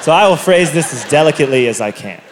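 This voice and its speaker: A man doing a stand-up comedy routine on stage, telling a self-mocking story with loud outbursts into a handheld mic. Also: fairly high pitch, animated, quick pace, over a noisy crowd, very noisy. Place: comedy stage before an audience. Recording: live comedy show with audience laughter.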